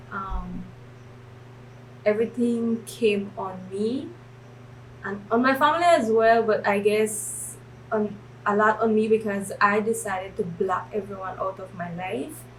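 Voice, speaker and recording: A woman's voice: mid-range voice, steady tone, unhurried, distant mic, a little hiss or hum, low-quality recording. A woman in her twenties from Belize, giving a personal faith testimony in a hesitant way, with many fillers and restarts. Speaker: church member giving testimony.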